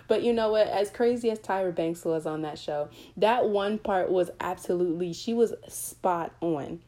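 Woman, podcast host, earnest, candid, warm low tone. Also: expressive, normal speed. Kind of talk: motivational faith podcast.

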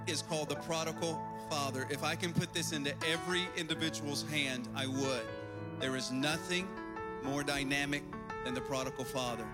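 A man hosting a church service introduces the guest preacher. He speaks in a steady, earnest way and praises the guest. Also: on the high side, moderate pace. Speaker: host pastor introducing a guest. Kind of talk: formal sermon introduction. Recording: loud music under the voice.

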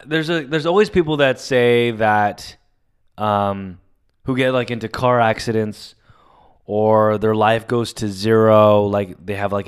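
A man hosting a solo comedy podcast, telling stories in a rambling, profane way with sudden loud bursts. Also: lowish voice, smooth. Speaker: podcast host. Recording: audio-only podcast mic.

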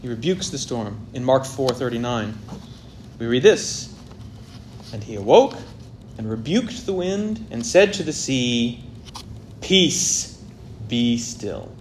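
A man delivers a sermon in a middle-range voice, rising to loud, emphatic peaks before falling to a near hush. A faint hiss of background noise sits under the recording. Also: mid-range voice, animated, a little slow. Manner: dynamic, swells loud and drops very soft. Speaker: preacher. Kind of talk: expository sermon.

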